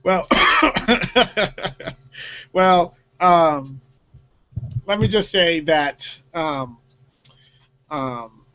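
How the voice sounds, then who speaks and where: Guy hosting a chat show, pretty high voice, lots of ums and laughing, dull sound. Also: lively intonation, extremely slow, pauses often, bright, forceful tone. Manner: rambling, laughs often, many fillers. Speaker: talk show host. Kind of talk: casual talk-show chat. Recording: dull lo-fi audio.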